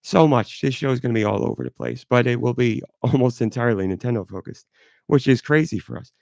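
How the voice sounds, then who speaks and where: A sick man hosting a live podcast with a hoarse, stuffy voice, rambling and apologetic. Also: mid-range voice, fast, darkish tone, dry recording, clean studio sound. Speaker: podcast host. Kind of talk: casual live podcast chat.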